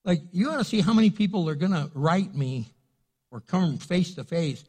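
A man preaching as pastor in a casual, animated way, acting out the people he quotes. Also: sits high, moderate pace, slightly rough, long reverb tail. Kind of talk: sermon. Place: church sanctuary.

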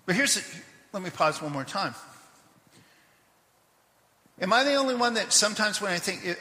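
A man preaching a sermon, telling a scripture story in a lively way with asides to the congregation; he grew up in Papua New Guinea. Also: sits high, moderate pace, pauses often, echoey room, in a large hall. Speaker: pastor. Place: church sanctuary.

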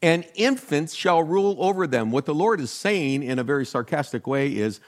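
Animated older male pastor preaching. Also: normal speed, hardly any pauses. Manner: animated, jokey, leaps in pitch for emphasis. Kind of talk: sermon.

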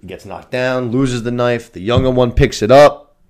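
Animated, swearing podcast co-host. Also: male voice, mid-range voice, normal speed. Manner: animated, profane storyteller. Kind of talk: casual recap of a TV episode.

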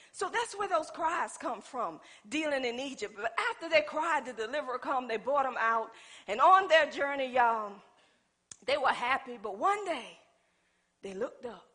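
A woman's voice: high-pitched, pushed and bright. A woman preaching a sermon, calling on the congregation to respond, folksy and emphatic.

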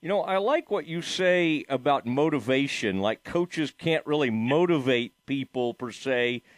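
A man's voice: medium pitch, expressive, a little slow, no echo, studio quality. A man hosting a sports radio show, chatting loosely with many fillers and restarts. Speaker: radio sports talk host. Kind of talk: casual sports radio interview.

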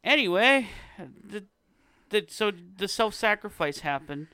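This is a man co-hosting a podcast who summarizes a movie's plot in a relaxed way, swearing freely as he goes. His voice sits high for a man and sounds bright and smooth. He is recorded close up on a dry mic. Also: a little slow, dry recording. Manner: laid-back, profane plot summarizing. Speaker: podcast co-host. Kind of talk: casual movie recap chat.

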